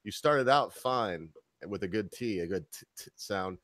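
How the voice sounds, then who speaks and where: A man's voice: lowish voice, lively intonation, unhurried, a bit bright, no echo. A man co-hosting a casual podcast, bantering in a crude, mocking, joking way. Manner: profane, mocking, jokey.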